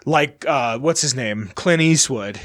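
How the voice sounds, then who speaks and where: A young man co-hosting a podcast, chatting casually and telling a story with lively energy and plenty of swearing. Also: mid-range voice, slow. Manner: animated storytelling, swears freely. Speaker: podcast co-host. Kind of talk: casual chat.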